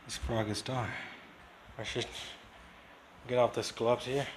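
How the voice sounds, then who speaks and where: A man talking to his pets in a casual vlog, coaxing and scolding them and exclaiming, with slow speech. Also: medium pitch, level tone, background noise. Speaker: pet vlogger. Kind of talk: casual pet vlog talk. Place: at home and in the yard.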